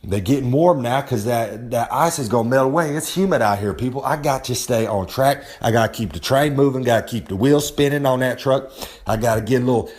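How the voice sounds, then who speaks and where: A man's voice: mid-range voice, fairly quick, a little mellow. Brash rambling man cutting a promo. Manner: boastful, rambling, talks about himself in third person; gets heated and worked up, swears casually. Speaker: recurring segment presenter. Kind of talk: brash wrestling-style promo monologue. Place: outdoors on a humid day.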